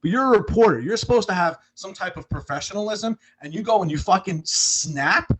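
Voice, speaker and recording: High-voiced man ranting heatedly. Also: animated, a bit bright, slight background noise. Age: 30s. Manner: heated ranting, profane, fast restarts. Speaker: podcast co-host. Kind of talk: casual sports talk.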